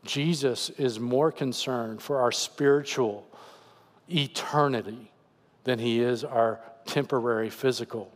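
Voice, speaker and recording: In a large hall, a man with a mid-range voice speaks unhurriedly. He's a pastor delivering a sermon in a church sanctuary, earnestly explaining scripture in a conversational way.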